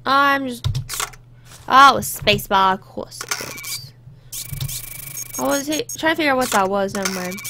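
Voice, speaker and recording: A woman's voice: on the high side, a little slow, long pauses, noisy background. A woman hosting a let's play, chatty and self-mocking as she works through the game. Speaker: gaming channel host.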